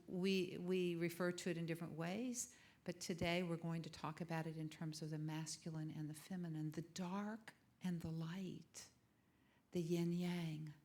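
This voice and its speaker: Woman preaching, low-ish voice, slow, whispers key words, chatty with the crowd. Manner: conversational, drops to soft whispers for emphasis; laughs easily, asks the congregation questions. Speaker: guest speaker. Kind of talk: sermon.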